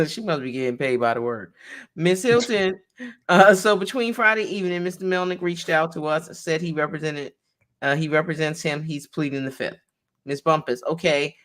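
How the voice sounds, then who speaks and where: A woman's voice: low-pitched, moderate pace, fairly bright tone. Woman attorney reading a court transcript. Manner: reads the transcript aloud, naming each speaker as she goes.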